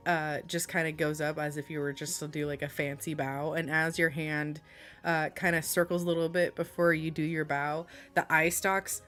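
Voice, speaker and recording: A woman's voice: low voice, a bit bright. A woman running a tabletop game as game master, narrating in a rambling, giggly way full of fillers.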